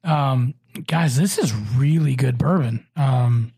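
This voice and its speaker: A man hosting a casual podcast, friendly and chatty, often pausing with fillers. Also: mid-range voice, dark tone, slightly rough, dry recording. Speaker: podcast host.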